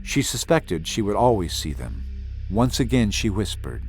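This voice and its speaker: Expressive male storybook narrator. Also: lowish voice, moderate pace, gravelly, soft background music. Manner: expressive, dramatic. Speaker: audiobook narrator.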